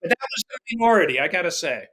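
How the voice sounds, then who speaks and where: A middle-aged man telling showbiz stories in a relaxed chat, acting out the voices of the people he quotes with animated shifts. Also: high-pitched, fast, breathy edge. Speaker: guest comedy writer. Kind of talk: conversational storytelling.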